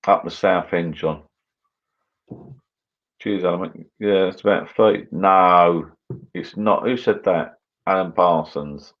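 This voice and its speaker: Middle aged guy mumbling on in a casual live chat, really low voice, muffled livestream sound. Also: takes it slowly, pauses often. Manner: rambling, mumbling on. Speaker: livestream host. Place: garden bar shed at home.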